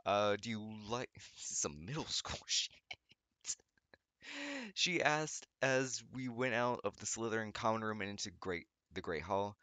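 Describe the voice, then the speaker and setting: Young guy reading bad fanfic out loud, slow and snarky, lowish voice, close dry mic. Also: no echo. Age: young adult. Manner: sarcastic, laughs often, stumbles over words. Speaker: channel host reading fan fiction. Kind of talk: reading aloud with mocking commentary.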